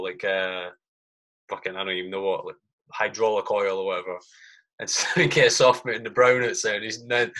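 With a lowish, bright, pushed voice, this army sergeant in his thirties guests on a podcast and casually recounts war stories. His speech is thick with swearing and "mate" turns up in every sentence, and he performs his own past reactions.

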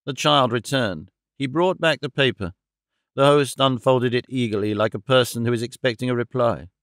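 A man narrating a classic novel audiobook in an even, steady storytelling manner. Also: mid-range voice, normal speed, dry recording, studio quality.

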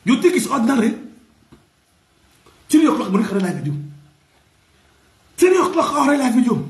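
Loud high-voiced Nigerian man ranting. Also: big pitch swings, moderate pace, long pauses, roomy sound. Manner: loud, mocking, bursts into shouts and laughter. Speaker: gossip vlogger. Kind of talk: ranting gossip commentary.

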